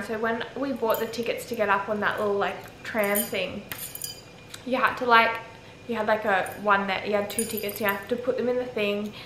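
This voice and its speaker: A young Australian woman telling a travel story to camera in a rambling, chatty way, filling her speech with "like". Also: mid-range voice. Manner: rambling, heavy use of "like", animated retelling. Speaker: travel vlogger. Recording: echoey with faint ambient noise.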